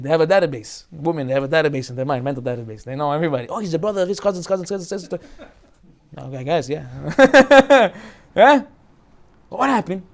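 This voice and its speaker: A man a notably high-pitched voice gives a casual Torah class, speaking in an animated, jokey way. He slips in and out of little acted voices to make his points. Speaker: rabbi.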